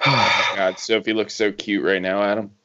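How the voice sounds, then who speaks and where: A man's voice: fairly low pitch, little pitch movement, a little slow, sharp tone. A man telling casual, loose anecdotes to friends on a call, swearing freely. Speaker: podcast co-host. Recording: muffled lo-fi call audio.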